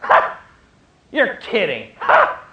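A man's voice: high-pitched, wildly swooping pitch, very slow, reverberant, highs cut off, pitched above the performer's own voice, full character voice. A man putting on the voice of an old woman who laughs in disbelief, cackling and incredulous, in a sermon.

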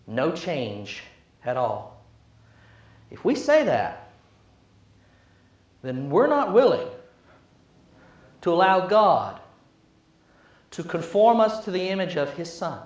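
A man preaching a sermon, emphatic and building through repetition, then dropping to a hush. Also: fairly high pitch, sing-song, takes it slowly, pauses often. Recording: echoey room.

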